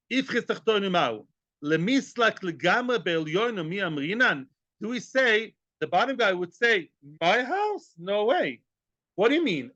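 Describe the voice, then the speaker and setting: A man's voice: sits high, sharp tone, dry recording, highs cut off. A man giving a Talmud class, joking as he goes, asking rhetorical questions and dropping in Hebrew and Aramaic terms. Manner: rhetorical questions, repeats phrases. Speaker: Talmud teacher.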